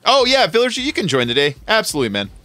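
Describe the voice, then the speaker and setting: A man's voice: high-pitched, wildly swooping pitch, very fast, sharp tone. A man hosting a casual gaming livestream, chatting and laughing with friends and greeting viewers in chat. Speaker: livestream host.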